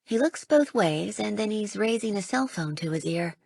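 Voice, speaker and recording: A woman reading a first-person audiobook, with a slightly husky, gravelly voice that rises for dialogue. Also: mid-range voice, animated, normal speed, darkish tone, no echo. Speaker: audiobook narrator.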